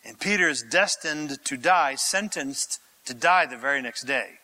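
A man preaching an animated sermon, acting out the people in the story with sudden shouts and put-on voices. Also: mid-range voice, a little slow, rough recording. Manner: theatrical, acts out scripture characters with shouts and voices. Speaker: pastor.

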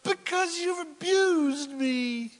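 Preacher doing a furious shouting prophet. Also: male voice, extremely high pitch, slow pace, long reverb tail, voice pushed up. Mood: angry. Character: angry ancient male prophet yelling.

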